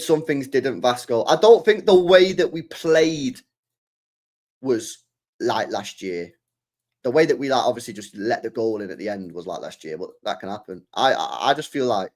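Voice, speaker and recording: Fired-up young football fan. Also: male voice, on the low side, lively intonation, normal speed. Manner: passionate, swearing, repeats his points. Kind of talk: casual live-stream reaction chat.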